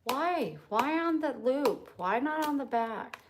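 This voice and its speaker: A middle-aged woman vlogging casually, chatting and loudly scolding her dog. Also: high voice, lively intonation, slow, slight background noise. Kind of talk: casual vlog talking to her pets.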